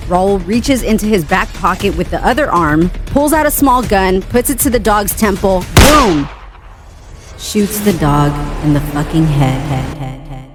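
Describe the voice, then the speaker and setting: A young woman hosting a podcast, casually and vividly retelling a nightmare and acting out her own shouts. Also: medium pitch. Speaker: podcast host. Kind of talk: casual dream storytelling.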